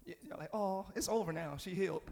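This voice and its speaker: A man preaching a live sermon in church, shouting some lines and dropping low on others. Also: fast, vocal fry. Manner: preaching with shouts and sudden drops to near-whispers. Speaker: pastor. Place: church sanctuary. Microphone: handheld or stage mic.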